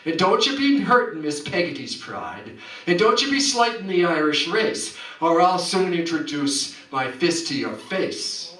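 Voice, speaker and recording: A man's voice: on the high side, sing-song, measured pace, fairly bright tone. Fiery Irish policeman, voiced by a man, hollering, echoey room, far off. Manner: hollering, threatening. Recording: roomy hall, distant mic.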